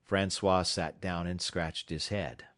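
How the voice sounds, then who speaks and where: A man reading a novel aloud as an audiobook narrator, measured and dramatic, dropping low at tense moments. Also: steady tone, fairly bright tone, no echo, studio quality.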